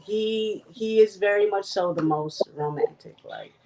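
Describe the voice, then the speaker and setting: Frank woman with a creaky voice. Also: mid-range voice, measured pace, warm tone, rough recording. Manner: teasing, frank. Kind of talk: casual chat.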